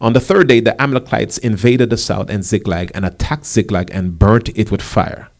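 Male pastor, lowish voice, lively sermon delivery with emphatic rises; for a preaching role. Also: moderate pace. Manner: animated preaching with rising emphasis and asides.

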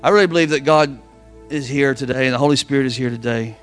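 A man's voice: medium pitch, quick pace, soft background music. A man preaching a sermon, calling on the congregation to answer back. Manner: preaching with call-and-response. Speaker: pastor.

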